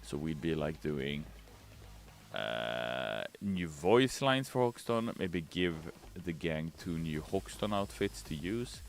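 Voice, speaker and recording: A man streaming, casually reading viewer messages aloud in a loud, playful, chatty way. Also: a bass voice, expressive, slow. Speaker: game community streamer. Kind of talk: casual livestream chat.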